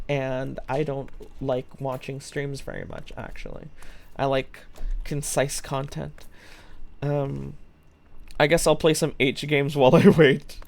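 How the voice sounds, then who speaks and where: Slow, dry-joking young streamer. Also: mid-range voice, a little hiss or hum. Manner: dry, joking, swears casually; chats to viewers while playing. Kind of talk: casual live-stream chat while gaming.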